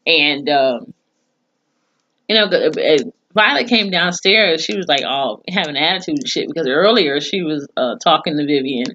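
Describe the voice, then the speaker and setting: Low-voiced woman recapping an episode. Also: lively intonation, moderate pace, a bit bright, highs cut off. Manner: profane, chatty storytelling with asides. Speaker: TV series reviewer.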